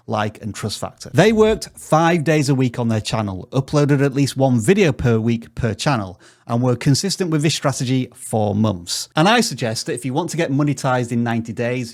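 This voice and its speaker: A man hosting a scripted tutorial on growing a YouTube channel, giving direct advice in an upbeat tone with the odd joke. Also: mid-range voice. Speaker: YouTube growth tutorial host.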